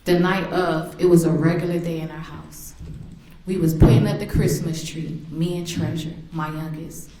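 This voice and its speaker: In an echoey courtroom, a woman who is the victim's mother delivers an emotional victim impact statement, sharing memories and imitating voices she remembers. Her voice is low and mellow, with fairly even intonation and a moderate pace.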